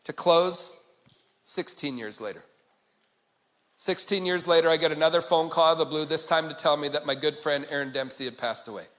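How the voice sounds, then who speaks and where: Male keynote speaker with a high voice, earnest and emphatic, heard in a big echoing hall. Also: fairly even intonation, fast talker, few pauses. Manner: earnest, swings from quiet to emphatic. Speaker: conference speaker. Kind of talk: motivational keynote storytelling. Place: large conference hall. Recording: long hall reverb.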